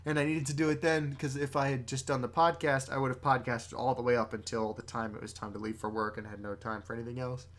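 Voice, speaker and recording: A podcast co-host chatting casually and profanely while recapping a manga chapter, getting loud and excited as the story heats up. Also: mid-range voice, fast talker, hardly any pauses.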